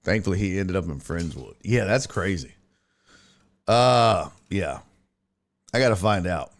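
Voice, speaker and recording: A man's voice: deep voice, unhurried, vocal fry. A man hosting a casual sports talk livestream, ranting and telling stories with lots of cursing and answering viewer chat. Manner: animated, profane storytelling rants. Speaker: sports talk show host.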